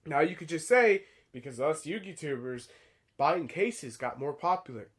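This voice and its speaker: A man hosting his own channel, giving a rambling opinion monologue, animated and swearing casually. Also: on the high side, normal speed, slightly rough. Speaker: channel host.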